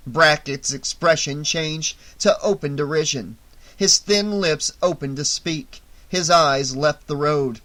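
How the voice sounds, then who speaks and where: A man narrating a horror novel as an audiobook in a steady, measured, dramatic way. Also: a little high.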